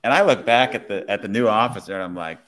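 A man, a police officer, telling a work story in a relaxed, conversational way. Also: fairly low pitch, fast. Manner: relaxed, conversational, many "I was like" retellings. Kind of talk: casual storytelling.

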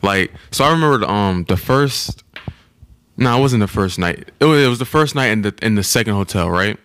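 A man's voice: lowish voice, animated, fairly quick, fairly bright tone, clear, resonant tone. A young man co-hosting a casual podcast, telling a travel story in a laid-back, rambling way with frequent laughs. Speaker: podcast co-host.

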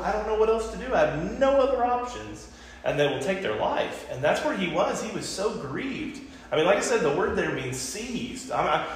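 A man hosting a casual Bible discussion podcast, talking earnestly and repeating himself as he works through a passage. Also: fairly high pitch. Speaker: preacher and podcast host. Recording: echoey room with long reverb.

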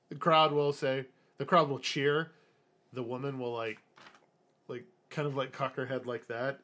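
A man's voice: mid-range voice, little pitch movement, unhurried, sharp tone. A man running a tabletop game as game master, narrating loosely with frequent restarts and laughs.

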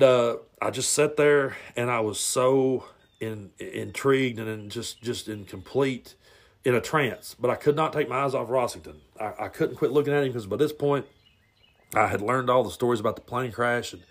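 A man hosting a podcast and telling a long personal story in a blunt, rambling way, often stumbling and repeating words. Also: mid-range voice. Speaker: podcast host. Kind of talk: casual storytelling monologue.

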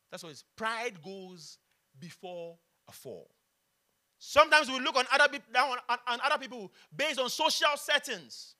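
A man preaching with a high, very bright voice. His pitch swings widely as he drives home his points, repeating key phrases again and again. The delivery is an emphatic pulpit sermon.

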